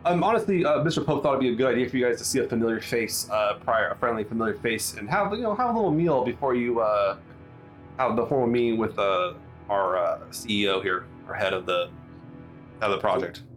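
A man's voice: medium pitch, expressive, fast talker, soft background music, natural voice. A man playing a courteous ship official.

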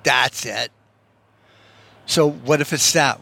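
A man talking through loose what-if questions in an offhand, rambling way, swearing freely as he goes. His pitch sits in an ordinary middle range for a man, and the delivery is a casual solo vlog. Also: animated, a little slow, a bit bright. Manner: profane, musing, rhetorical what-ifs. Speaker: vlogger.

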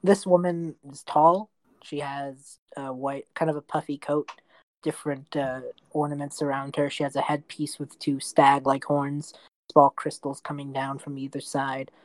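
Low-voiced woman narrating a tabletop game. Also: level tone, normal speed, dry recording, poor audio. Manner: casual, rambling narration with fillers. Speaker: game master.

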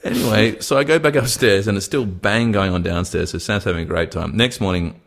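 A very low-voiced man tells a long, rambling story in casual podcast chat. He drifts into put-on whenever he quotes someone. His delivery is loose and anecdotal. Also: fairly quick, creaky. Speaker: podcast co-host.

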